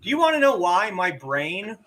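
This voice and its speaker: A man's voice: high voice, moderate pace. A man in his forties chatting casually and jokily while livestreaming a game. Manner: chatty, animated and jokey. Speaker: streamer.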